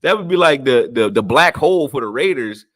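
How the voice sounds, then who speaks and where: A man giving a loose, profane football rant, blunt and full of slang. His pitch swings widely as he gets worked up, climbing high and then sinking low. He talks straight at you, like a fan breaking down game film. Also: lively intonation, a little fast, a bit bright. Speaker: sports commentator.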